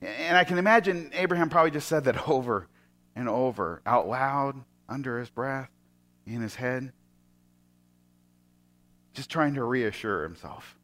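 A man preaching a sermon. He retells a scripture story and often drops into soft, hushed tones. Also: mid-range voice, lively intonation, a little slow, long pauses.

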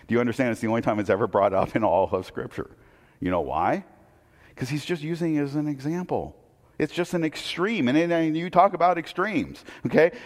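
A male pastor preaching a conversational sermon, often asking the audience rhetorical questions and restarting his phrases. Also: a little high. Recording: long reverb of a hall.

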